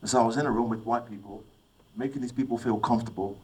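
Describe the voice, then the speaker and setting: A man's voice: mid-range voice, fairly even intonation, quick pace, darkish tone, low-quality recording. A middle-aged man from England giving a motivational talk to young people, telling personal stories and asking his listeners questions. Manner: storytelling, asks the audience questions. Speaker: speaker addressing young people.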